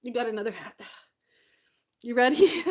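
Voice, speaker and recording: Woman, home vlogger, higher voice; casual chatty delivery, a bit teary, frequent laughs. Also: expressive, normal speed, a little mellow. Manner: chatty, laughs often between lines. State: tearful. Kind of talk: casual chat to camera.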